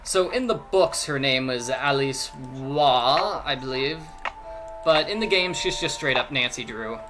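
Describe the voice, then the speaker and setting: A man's voice: mid-range voice, animated, measured pace, low-quality recording. A man chatting casually while streaming a video game, rambling from topic to topic and answering viewer comments. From United States. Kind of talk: casual chat over gameplay. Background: game music.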